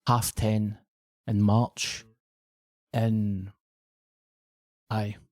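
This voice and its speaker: A man with a Scottish accent, a guest comedian, telling a story in a loose, animated way, swearing freely and slipping into other people's voices. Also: on the low side, very slow, dry recording, clean studio sound. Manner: animated, swearing, acting out quoted locals. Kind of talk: casual podcast storytelling.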